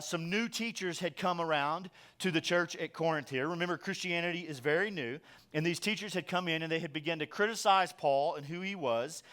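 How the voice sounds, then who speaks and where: A man's voice: on the high side, fairly bright tone. Joking, conversational man preaching a sermon. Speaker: pastor.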